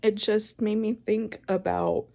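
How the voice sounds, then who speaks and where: A woman in her forties giving a tearful, halting vlog, crying as she talks. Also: mid-range voice, steady tone, vocal fry, warm tone. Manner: tearful, halting, with many pauses and restarts. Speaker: vlogger. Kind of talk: emotional personal vlog.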